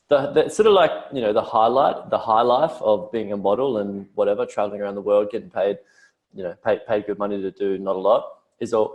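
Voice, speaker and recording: A man's voice: lowish voice, darkish tone. A young Australian man in his twenties, a podcast guest chatting casually, swearing and mimicking mates in a broad voice. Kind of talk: casual interview chat.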